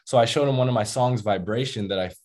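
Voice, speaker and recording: A young American man, a musician, telling stories in a casual interview with laid-back slang and animated retelling. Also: medium pitch, fast talker. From United States. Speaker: musician and rapper.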